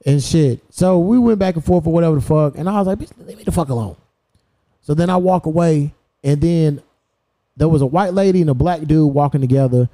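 A man's voice: fairly high pitch, brisk, warm tone. A young adult man hosting a podcast, telling a story in a profane, heated way with laughs. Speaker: podcast host. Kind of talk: casual storytelling chat.

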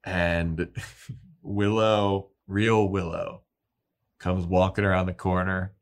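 A man co-hosting a podcast, recapping a TV episode with animated storytelling. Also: sits low, takes it slowly. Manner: animated storytelling, acts out quotes. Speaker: podcast co-host.

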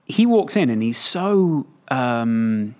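A man's voice: medium pitch, big pitch swings, slow pace, darkish tone. A man on a football podcast making his points emphatically, with an incredulous edge. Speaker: podcast co-host. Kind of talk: casual football chat.

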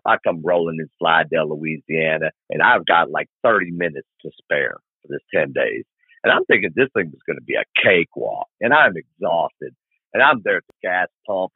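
A middle-aged man with a fairly low, husky voice tells stories in a lively, casual way and acts out each scene. The sound is dry and thin, like a phone call. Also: dry recording. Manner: animated, colloquial storyteller who acts out scenes. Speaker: guest, long-distance motorcycle rider. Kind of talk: podcast interview storytelling. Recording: tinny phone-like remote line.

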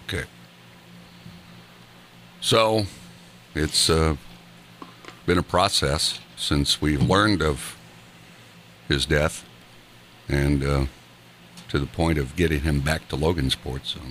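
A man's voice: extremely low pitch, takes it slowly, long pauses, fairly bright tone, slight background noise. A man hosting a morning radio show, chatting in an easygoing way with a chuckle. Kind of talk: casual radio chat.

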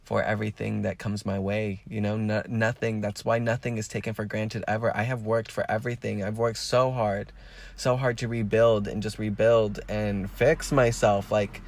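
Gravelly man ranting casually on a podcast. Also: on the low side, flat delivery, moderate pace. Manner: frank and heavily profane; rambling with many fillers. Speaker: podcast host.

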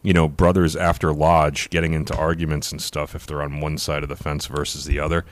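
Very deep-voiced man, dry close sound. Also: level tone, a little fast, no echo. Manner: agreeable, reflective, many "I mean" fillers. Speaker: podcast co-host. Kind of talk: casual chat.

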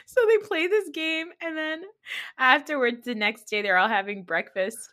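A woman's voice: high voice, moderate pace, bright, forceful tone. A young woman co-hosting a podcast in casual chat, swearing freely and acting out quotes. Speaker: podcast co-host.

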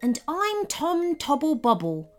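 A gentle, friendly ghost, as a woman storyteller puts him on, speaking in a high, kindly voice meant to calm. He sounds reassuring in a children's storybook, with faint music in the background. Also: slow, heavily acted.

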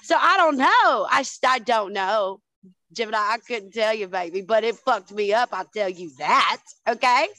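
This woman podcast guest chats casually, telling stories energetically with plenty of cursing and a "honey" or "dude" every few words. She speaks at a moderate pace, a bit higher than the usual female pitch. The recording is low quality, dry and close-miked, with no room sound.

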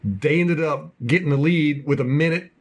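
A man co-hosting a casual sports podcast, ranting passionately in fast bursts about his local team. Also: on the high side, breathy edge. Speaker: podcast co-host.

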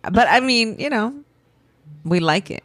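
A woman in her thirties in casual chat, expressive and quick to react. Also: a little high, no room sound. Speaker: podcast co-host.

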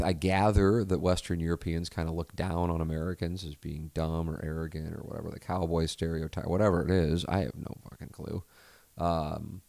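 Low voiced guy hosting a podcast, rambles and swears a lot, dry sound. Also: darkish tone, dry recording. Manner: rambling, profane, self-correcting. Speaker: podcast host. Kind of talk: casual chat.

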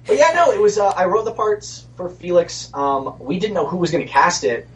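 A voice actor talks on a panel with lively swings of pitch and frequent laughter. His voice is picked up from a distance, with some of the hall around it. He makes quick asides as he tells the story. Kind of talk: casual panel talk.

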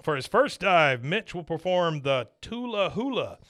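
A man doing a booming showman announcer. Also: very animated, fairly bright tone, no echo, studio quality. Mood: showy. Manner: grand, drawn-out showman delivery. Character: booming male animal-show announcer, showman.

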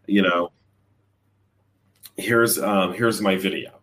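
A man giving blunt, emphatic career advice on a live chat show as hiring leader. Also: low voice. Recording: voice distant from the mic.

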